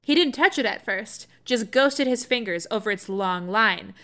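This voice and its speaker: A woman reads romantic fiction aloud, her tone bright and ringing, her pitch sitting in the middle range. She tells the story softly and with feeling. She keeps stopping to laugh and toss in excited remarks. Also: normal speed. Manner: soft, expressive storytelling with frequent laughs and excited asides. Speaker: reader.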